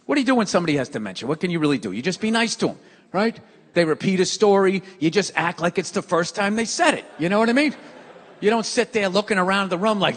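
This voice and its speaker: A man doing a stand-up rant on stage, cursing freely and yelling his punchlines while mocking people in put-on voices. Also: sits high, lively intonation, quick pace. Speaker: stand-up comedian. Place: large comedy venue with a live audience. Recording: live stage recording, long hall reverb, crowd noise.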